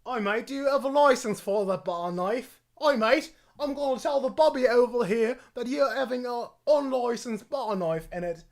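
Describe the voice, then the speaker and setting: A man putting on an exaggerated working-class English accent to play a rowdy, threatening bloke, in a loud, mocking parody. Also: very high-pitched, normal speed, gravelly, few pauses, pitched above the performer's own voice. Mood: brash, mocking.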